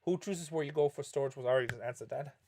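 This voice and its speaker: With a warm, mid-range voice and rapid-fire delivery, a rambling middle-aged streamer chats casually while playing poker. He answers viewer questions and tells stories, often correcting himself, with slight background noise.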